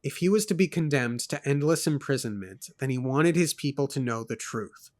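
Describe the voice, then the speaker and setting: A man in a podcast readthrough, narrating a fantasy novel in an even, mid-pitched voice. He reads steadily and drops in wry comments between passages. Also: moderate pace. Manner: steady narration broken by dry asides. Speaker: co-host reading a novel aloud. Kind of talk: reading aloud with commentary.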